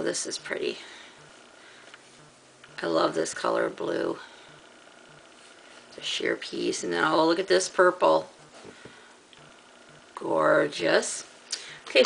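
A middle-aged woman with a gravelly voice, casually chatting as she shows off fabric from a craft haul, rambling and laughing often. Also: fairly low pitch, bright, forceful tone, slight background noise, poor audio. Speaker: crafting channel host. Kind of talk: casual haul show-and-tell.

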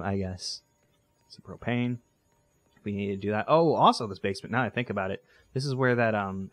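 In a dry recording, a man with a lowish voice narrates a let's play. His casual commentary on the game wanders, cracks jokes and keeps correcting itself.

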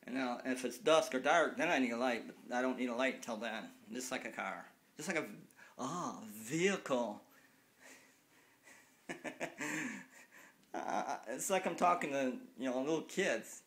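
A man's voice: medium pitch, a little slow, a bit bright. A man in his late fifties ranting to a phone camera, angry and repetitive, swearing freely. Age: 50s. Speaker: cyclist vlogger. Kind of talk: casual rant to camera.

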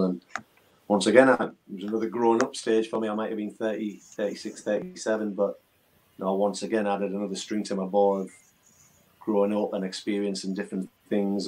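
In a relaxed, casual interview, a middle-aged former footballer reminisces about old memories in a low voice. His stories are earnest, emotional and a little rambling, and the recording is rough.

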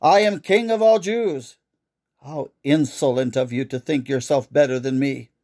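A man's voice: mid-range voice, level tone, normal speed, gravelly, mellow, voice pushed down. A man voicing a cruel aging tyrant king who taunts and roars at his captive. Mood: taunting, raging. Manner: taunting, roaring outbursts.

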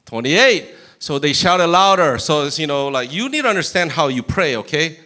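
Male pastor preaching, lively swooping delivery, fairly high bright voice, acts out scripture. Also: moderate pace. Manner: animated, acts out Bible quotes in character voices. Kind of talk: sermon. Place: church sanctuary.

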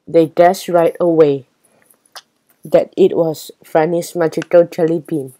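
A woman reading a children's chapter book aloud in slow, even storytelling. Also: low voice, rough recording. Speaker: storybook reader.

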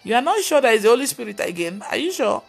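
A woman's voice: fairly high pitch, fast talker, vocal fry, breathy edge, soft background music. A woman pastor preaching on a live video, telling stories and scolding with emphatic exclamations. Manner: animated storytelling, mimicking others' voices.

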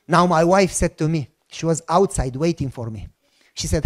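A middle-aged man, a pastor, telling a testimony in a sermon. He acts out the dialogue, and at moments his voice drops low and soft. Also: a little slow. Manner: animated storyteller, acts out dialogue.

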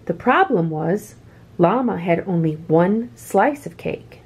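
A woman reading a children's picture book aloud with expressive, swooping delivery. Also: on the low side, slow pace, slightly rough. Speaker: children's story reader.

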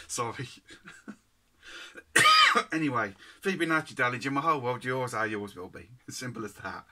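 A man's voice: medium pitch, animated, a little fast, long pauses, noisy background. A man, chatting casually to camera as a food reviewer, giggly and rambling with lots of "anyway". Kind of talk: casual chat.

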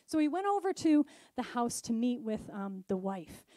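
A middle-aged woman pastor preaching a sermon, telling stories and swinging from loud emphatic lines to soft near-whispers. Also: fairly high pitch, big pitch swings, normal speed, no room sound.

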